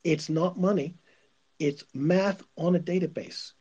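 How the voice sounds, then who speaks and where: A man's voice: fairly high pitch, fairly even intonation, unhurried, mellow, husky, muffled recording. A male radio host giving opinionated commentary, emphatic and insistent, repeating his points.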